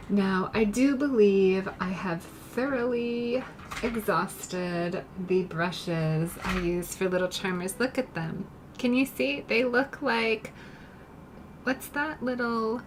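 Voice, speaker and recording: A woman artist chatting softly to her live-stream viewers while she paints in her studio, turning gushing and grateful when they praise her work. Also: fairly high pitch, a little hiss or hum. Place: home art studio.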